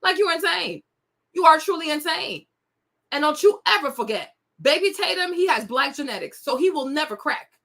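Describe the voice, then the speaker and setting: Sassy high-voiced woman gossip host. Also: animated, normal speed, sharp tone. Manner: sassy, indignant, talks straight to viewers. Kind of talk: casual celebrity gossip commentary.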